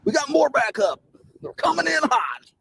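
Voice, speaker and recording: A man's voice: very high voice, very animated, normal speed, creaky, a bit bright, slight background noise. A man filming a police encounter outdoors, talking in a sarcastic, taunting way. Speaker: camera-carrying citizen auditor. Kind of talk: confrontational street exchange. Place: outdoors on a campus street.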